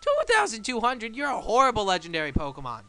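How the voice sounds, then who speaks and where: A man commentating his own gameplay in a casual way, shouting and pleading at the game as he plays. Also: high voice, huge pitch swings, fast. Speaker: let's play gamer.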